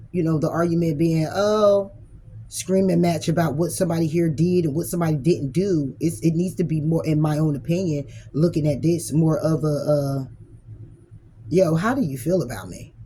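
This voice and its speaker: A woman's voice: low voice, moderate pace, mellow, slightly rough, rough recording. A woman giving a casual, blunt tarot reading who swears freely and acts out imagined arguments. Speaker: tarot reader.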